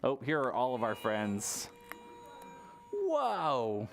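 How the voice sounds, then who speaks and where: A storytime leader reads a Halloween picture book aloud to a room of toddlers. The voice swoops up and down with lively expression, full of playful gasps and sound effects. It is sing-song and encouraging, always pitched at small children. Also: drawn-out words, gravelly, a little hiss or hum. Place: public library storytime session.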